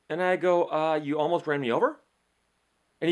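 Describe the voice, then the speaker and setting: A middle-aged man hosting a casual legal talk show, telling an animated story with frequent repeats and restarts. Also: on the high side, moderate pace. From Michigan, USA. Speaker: legal commentary host.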